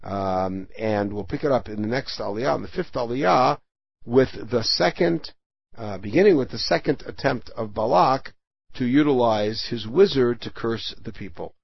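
A man's voice: medium pitch, moderate pace, creaky, husky, dry recording, muffled recording. A man teaching the weekly Torah portion, reading Hebrew verses aloud and then explaining them in plain speech.

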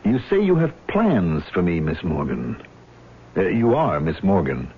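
A man's voice: low-pitched, big pitch swings, unhurried, breathy edge, heavily acted. An actor playing a nervous, skeptical young man in a 1970s radio drama, startled and stammering. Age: young adult. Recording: tinny old radio broadcast with faint hiss.

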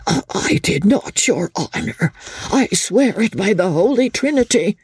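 A woman's voice: mid-range voice, lively intonation, unhurried, a little mellow, husky, voice pushed up. A woman voicing a frightened old male peddler who stammers and pleads. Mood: pleading.

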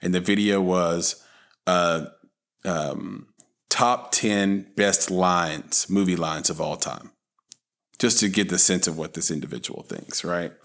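A man co-hosting a podcast in casual chat, telling stories with animated energy and acting out lines from films. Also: sits low, slow. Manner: animated storyteller, acts out film lines, self-described softie. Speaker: podcast co-host.

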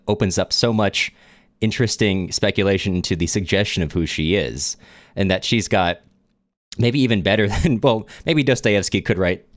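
A man co-hosting a book podcast, talking thoughtfully with halting restarts. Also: low-pitched, dry recording, studio quality. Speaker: podcast co-host. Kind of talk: casual book discussion.

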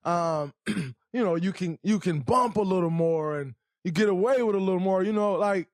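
A man answering at a press conference, halting and searching for words. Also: sits high, dry recording, clean studio sound. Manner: halting, many fillers and restarts.

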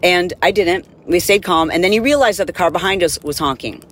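A woman hosting a podcast, telling an animated, exasperated story in a casual monologue and acting out the people in it. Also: on the low side, fairly quick. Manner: animated, exasperated, acts out quotes. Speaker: podcast host.

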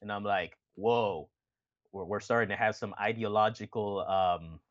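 A man co-hosting a podcast in casual chat, animated, swearing often and acting out quotes with laughter. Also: on the low side, moderate pace, dull audio. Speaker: podcast co-host.

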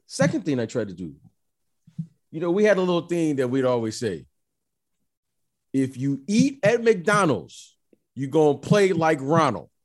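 A middle-aged man telling stories in a casual chat, emphatic and animated, often repeating the listener's name. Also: a little high, measured pace, long pauses. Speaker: former basketball player, guest.

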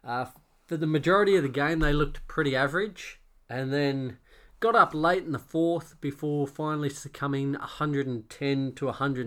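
A man co-hosting a casual sports podcast, relaxed and full of fillers. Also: medium pitch. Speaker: podcast co-host.

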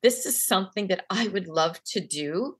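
Speaking at a normal speed, this woman has a medium-pitched, animated voice with a breathy edge. As a podcast host in an interview, she talks casually, full of "like" and "you know," and becomes emotional as she recounts a memory.

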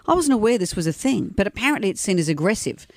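An Australian woman co-hosting a breakfast radio show, chatting with wry quick asides on a studio mic. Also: medium pitch, sing-song, no echo. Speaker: radio co-host. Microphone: studio microphone.

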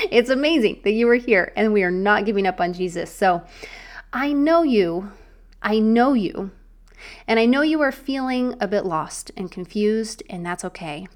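A young adult woman hosting a solo faith podcast, talking to her listener in an earnest, encouraging, chatty way. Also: medium pitch. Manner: chatty with filler words.

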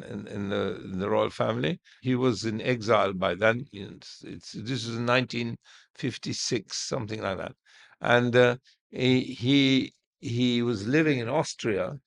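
An older man being interviewed, telling stories in a halting way, often repeating words and turning animated when he quotes other people. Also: medium pitch, vocal fry. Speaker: interview guest. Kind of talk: conversational interview storytelling.

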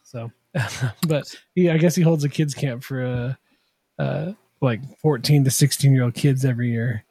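A man's voice: mid-range voice, moderate pace, warm tone, breathy edge, no room sound. A man, a guest on a podcast who builds machine tools, talking in a rambling, self-deprecating way full of fillers. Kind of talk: casual podcast chat.

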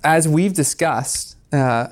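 A man's voice: fairly high pitch, slow pace. A middle-aged man hosting a podcast interview, easygoing and joking as he chats with his guest. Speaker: podcast host. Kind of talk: conversational interview.

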